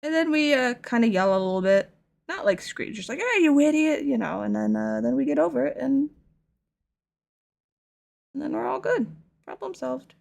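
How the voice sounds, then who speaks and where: Young woman w a bit of vocal fry, chatty and goofy, just talking while she paints. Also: high-pitched, normal speed, pauses often. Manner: rambling, playful, animated storytelling. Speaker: streamer painting figures. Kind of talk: casual chat while crafting.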